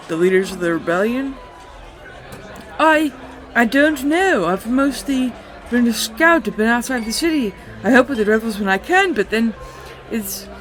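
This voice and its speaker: A man voicing a flustered, eager high elf rebel scout in a tabletop game recap, in a high, squeaky, breathless voice. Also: a bit bright, heavily acted, poor audio.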